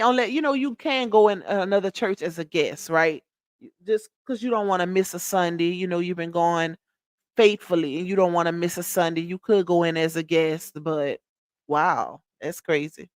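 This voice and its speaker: A woman's voice: medium pitch, no room sound, clean studio sound. A woman hosting a casual gossip live stream, reading viewer comments aloud and answering them, emphatic and repetitive. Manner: chatty, emphatic, repeats herself, addresses viewers as y'all and child.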